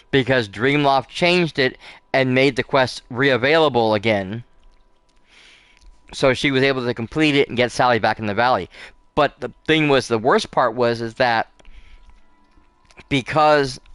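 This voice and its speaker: Host, male, casual gameplay chatter, rambling with fillers, smooth resonant voice. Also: medium pitch, a little slow, pauses often, fairly bright tone, no echo. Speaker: gaming channel host. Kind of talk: casual let's play commentary.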